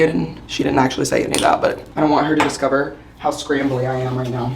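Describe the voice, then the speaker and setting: A woman vlogging casually while getting ready in a hotel bathroom, her voice hoarse from shouting, chatty and rambling with frequent laughs. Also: very deep voice, level tone, fast talker, hardly any pauses, a little hiss or hum. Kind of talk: casual chat to camera.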